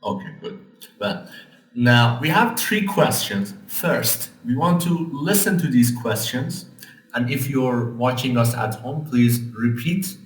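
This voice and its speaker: A man's voice: medium pitch, slow pace. A man teaching an English lesson, patiently explaining grammar and pronunciation step by step. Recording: echoey room, mic at a distance.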